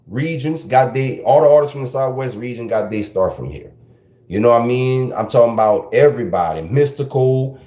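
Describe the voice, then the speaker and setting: Creole-accented louisiana dude rambling on his podcast, mellow tone, echoey room. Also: mid-range voice. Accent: South Louisiana Creole. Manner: loose, rambling, peppered with Creole French phrases. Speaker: podcast host. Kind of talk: casual commentary monologue.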